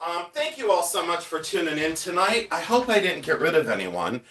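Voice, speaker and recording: A middle-aged man chats on a live stream, voice pitched somewhat high. He sounds stuffy and congested from his sinuses, rambling and thanking viewers as he goes. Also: big pitch swings, moderate pace, a bit bright, a little hiss or hum. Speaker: livestream host, jewelry collector. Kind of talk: casual live-stream chat.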